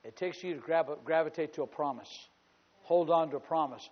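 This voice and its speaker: A male pastor preaching a sermon, shifting from quiet storytelling to loud, emphatic declarations and repeating phrases for emphasis. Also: a little high, fairly quick. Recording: dull lo-fi recording with long hall reverb.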